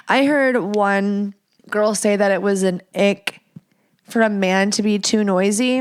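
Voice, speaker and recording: A young adult woman hosting a candid solo podcast, frank and playful, with whispered asides and sudden high squeals. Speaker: podcast host.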